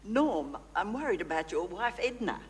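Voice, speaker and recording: A woman reading as a fretting mother, breathy and husky, with a widely swinging pitch. Delivery is stiff and amateur, echoing through a big hall. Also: very animated, normal speed. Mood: worried. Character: worried mother, older woman. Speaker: audience volunteer. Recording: echoey hall.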